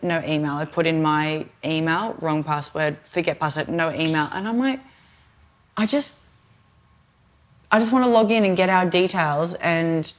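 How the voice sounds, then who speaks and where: An Australian woman with a slightly low voice chats casually on a podcast. She rambles through her stories, piling on "like" and acting out what people said. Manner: chatty storytelling with lots of "like". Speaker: podcast co-host. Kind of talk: casual chat.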